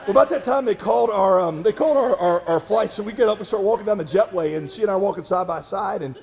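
High-voiced pastor preaching in a reverberant hall. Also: male voice, creaky, a little mellow, a faint crowd, slight background noise. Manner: conversational, halting with fillers and restarts. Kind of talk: sermon with storytelling.

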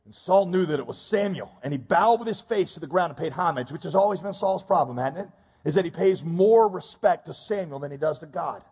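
A man preaching a sermon, reading scripture and adding quick comic asides. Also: fairly high pitch, lively intonation, darkish tone, breathy edge, in a large hall. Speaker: pastor.

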